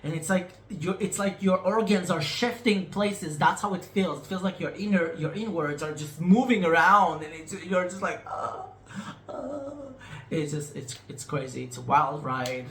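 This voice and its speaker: A man's voice: fairly high pitch, moderate pace, few pauses, a bit bright, a little hiss or hum. A man vlogging about his personal healing, talking in an emotional, rambling way that repeats itself and trails off, frank and a bit teasing with his viewers. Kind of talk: candid personal storytelling to camera. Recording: echoey room recording.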